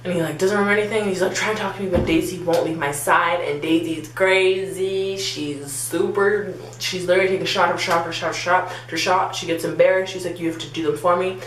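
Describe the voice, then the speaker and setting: A young adult woman vlogger telling a story in a lively, chatty way, acting out what people said and leaning on lots of "like" fillers. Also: fairly low pitch, fairly quick, hardly any pauses. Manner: animated, acts out quotes, many "like" fillers. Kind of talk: storytime vlog. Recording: echoey room with faint hum.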